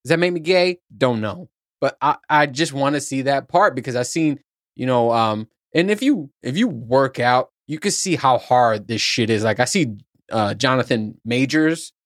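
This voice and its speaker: Middle-aged male podcast host, rambling and profane, mid-pitched voice, dry room. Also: lively intonation, moderate pace, no room sound. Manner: rambling, profane, self-mocking. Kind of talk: casual solo podcast chat. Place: at his workplace on lunch break.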